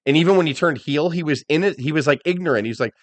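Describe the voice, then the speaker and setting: A middle-aged man co-hosting a casual wrestling podcast, telling animated stories, acting out quotes and swearing freely. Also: a little high, fast, no echo. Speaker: podcast co-host.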